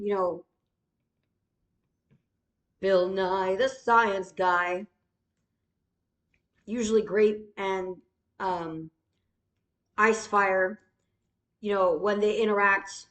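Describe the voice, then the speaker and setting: A woman's voice: mid-range voice, extremely slow, long pauses, a bit bright, echoey room. A woman telling a rambling, profane story in a casual way, with many fillers.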